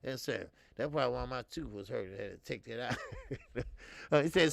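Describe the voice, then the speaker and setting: Gravelly and animated, this medium-pitched man talks briskly while hosting a boxing live stream. The middle-aged host chats loosely, shouts out viewers by name, and leans on many fillers.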